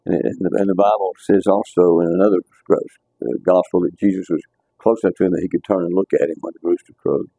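A man's voice: sits low, fairly even intonation, fast, creaky, mellow, no room sound. A man teaching a casual Bible class, talking conversationally and repeating words as he restarts his sentences.

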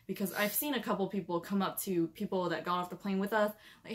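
Young female vlogger, everyday conversational delivery, rambly with fillers, mid-range pitch. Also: fairly even intonation, fast. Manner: chatty, rambling with many "like" and "um" fillers, giving cautionary advice. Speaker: travel vlogger. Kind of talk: casual chat.

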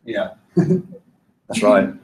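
Lively Southern-accented man teaching. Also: lowish voice, drawn-out words, slight background noise, low-quality recording. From Georgia, US South. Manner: chatty, asks the class questions, laughs often. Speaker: philosophy teacher. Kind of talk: informal classroom lecture.

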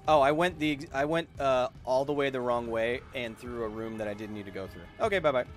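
A man streaming a horror game, giving excitable casual commentary in quick bursts with stammered restarts. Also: mid-range voice. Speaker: gaming streamer. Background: stream music and game sounds.

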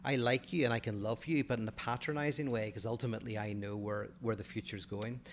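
A man's voice: on the low side, steady tone, fast talker, slight background noise. A man from Northern Ireland with a Northern Irish accent, co-hosting a casual podcast and talking through philosophical ideas in a thoughtful way, often restarting mid-phrase.

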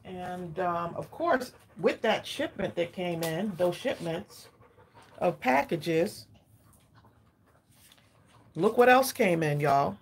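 A woman hosting a craft channel chats casually with viewers from her home craft room, calling them y'all and sounding a little out of breath. Her voice is fairly low and expressive, and she talks slowly with frequent pauses. There's slight background noise.

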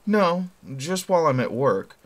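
A cheerful, easygoing young man, voiced by a man reading a book aloud, pitched up from a low voice. He sounds friendly and upbeat, with lively ups and downs. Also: unhurried. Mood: explaining.

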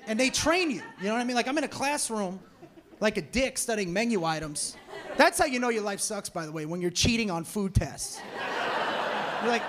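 A man's voice: high-pitched, lively intonation, fairly quick, crowd noise. A man performing a live stand-up set on a comedy club stage, brash and profane as he tells stories. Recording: noisy live club recording.

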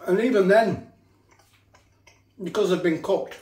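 A man's voice: high voice, a little slow, a little mellow. Rambling man reviewing food. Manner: rambling, repeats himself, talks with mouth full. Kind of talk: casual food review vlog. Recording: echoey room.

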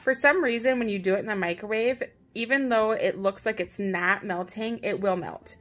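A woman's voice: mid-range voice, normal speed, fairly bright tone, soft background music. Chatty upbeat woman in a home kitchen. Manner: chatty, upbeat, self-teasing. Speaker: parent and vlog host. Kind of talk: casual how-to chat.

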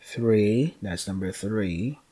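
A man's voice: lowish voice, slow pace, dark tone, husky. Rambling, joking man playing a game. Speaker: let's play gamer. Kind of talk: casual gameplay commentary.

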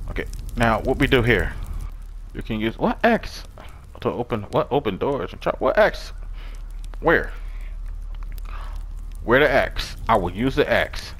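Young male gamer, let's-play commentary, mid pitch, lively delivery, swears often. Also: a little slow, gravelly, long pauses, slightly rough. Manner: profane, loud outbursts at the game. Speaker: gaming YouTuber.

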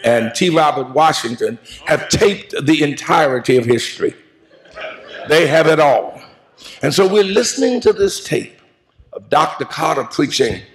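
A man preaching a funeral eulogy in a call-and-response style, moving into shouts and half-sung lines. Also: a little high. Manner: preaching cadence, rising to shouts and sung phrases. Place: large church sanctuary.

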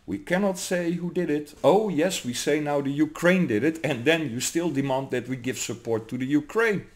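A man from Germany, delivering an angry, profane political rant to camera, swinging between loud outbursts and low, menacing muttering. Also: normal speed. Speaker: vlogger.

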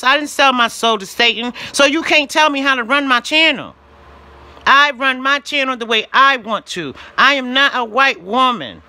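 A woman with a high, piercing, very bright voice delivers an indignant vlog rant straight to camera. She hammers her points through repetition and sometimes breaks into shouting. The sound is close and dry, with no room around it. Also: no room sound. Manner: indignant and emphatic, rising to shouts; direct address to the platform, repeating phrases. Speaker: channel owner vlogging. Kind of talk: ranting vlog monologue.

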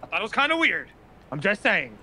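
Brief: man with a high, bright voice, blunt stammering roleplay chat, swears a lot. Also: huge pitch swings, a little fast, slight background noise. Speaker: roleplay player.

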